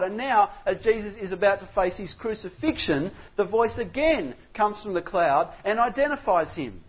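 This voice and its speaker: A middle-aged pastor delivers a sermon in a fairly high, husky voice, chatty and full of little restarts before he builds into emphatic repetition. The recording is dull and lo-fi. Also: lively intonation, normal speed, few pauses.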